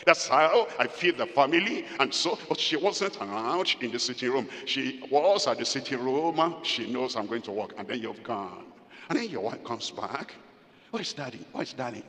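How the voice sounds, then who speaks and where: A man's voice: mid-range voice, lively intonation, moderate pace, sharp tone. An older man preaching a sermon, asking his listeners questions and acting out what spouses say to each other. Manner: preaching with rhetorical questions to the congregation; acts out spouses' remarks in little quoted scenes. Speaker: pastor. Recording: long echo of a large hall.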